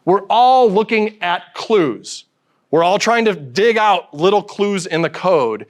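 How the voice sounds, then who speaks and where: A man's voice: high-pitched, animated, slow pace. A middle-aged man presenting a technical talk at a conference, joking and quizzing the audience as he goes. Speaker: conference speaker.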